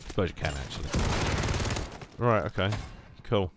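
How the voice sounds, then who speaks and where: A man's voice: sits low, lively intonation, normal speed, very noisy. A British man of twenty-seven giving casual, self-mocking gameplay commentary in a rambling, sarcastic way. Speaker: gaming streamer. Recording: loud gunfire over voice.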